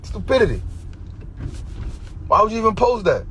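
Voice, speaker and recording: A man's voice: high-pitched, big pitch swings, moderate pace, a bit bright, slight background noise. A man with an Atlanta Black American English accent, giving a preachy finance talk on a livestream in street slang, repeating his points. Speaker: finance educator.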